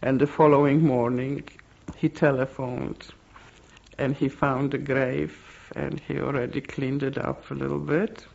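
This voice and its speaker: An older woman from Poland, giving oral history testimony in an interview, speaking in a slow, halting, reflective way. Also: a bass voice, level tone, vocal fry, a little mellow. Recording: dull lo-fi recording.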